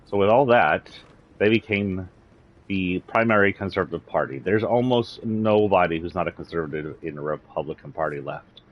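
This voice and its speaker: A man's voice: low voice, normal speed, highs cut off. A man from Texas with a slight Southern accent, ranting bluntly and indignantly on a livestream. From San Antonio, Texas. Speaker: streamer. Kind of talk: political rant on a livestream.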